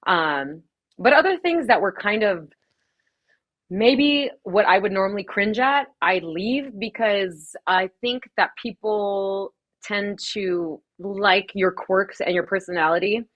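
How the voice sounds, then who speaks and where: A woman from Los Angeles, a DJ and streamer, talking fast and casually in a podcast interview, laughing often and swearing freely. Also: mid-range voice, expressive, a bit bright, dull audio. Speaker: DJ and streamer guest.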